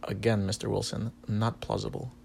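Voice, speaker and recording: Stern officious customs officer guy, low flat gravelly voice, a man reading it out. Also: moderate pace, a little hiss or hum. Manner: curt, officious questioning. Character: stern male customs officer, cold and formal.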